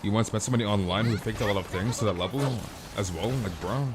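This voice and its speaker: A man's voice: fairly low pitch, quick pace. A man streaming a game and ranting in casual chat, swearing and filling his talk with "dude" and "like.". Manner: swears and repeats himself.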